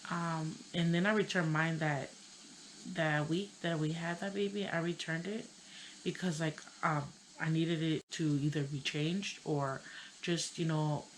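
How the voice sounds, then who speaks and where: A young woman with a Chicano English accent, telling a personal story in a casual, halting way, full of "like" and "you know". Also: sits low, steady tone, a little hiss or hum, low-quality recording. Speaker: vlogger.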